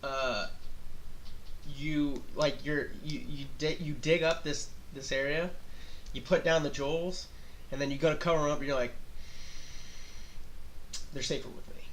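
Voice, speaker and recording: A man's voice: fairly high pitch, fairly even intonation, a little hiss or hum. A young man running a tabletop game as game master, talking casually with many restarts and laughs. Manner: casual, halting, laughs often.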